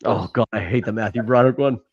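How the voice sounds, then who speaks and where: A man's voice: lowish voice, fast talker, highs cut off. A man co-hosting a podcast in casual chat, rambling with frequent laughs and casual swearing. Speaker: podcast co-host.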